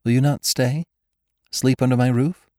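A man voicing an earnest, devout young ranch woman who pleads in a raised, higher voice. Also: fairly even intonation, moderate pace, mellow, dry recording, studio quality, close to an everyday voice. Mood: gentle.

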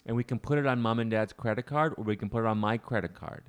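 A man's voice: medium pitch, quick pace, smooth. A man hosting a podcast, casually telling a rambling, wry story and often correcting himself mid-sentence. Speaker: podcast host.

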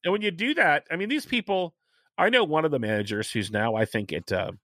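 A middle-aged man hosting a casual chat, talking chattily and stressing key points by slowing down. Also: fairly high pitch, lively intonation, fairly bright tone, no room sound, studio quality. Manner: chatty, emphatic, repeats points slowly for stress.

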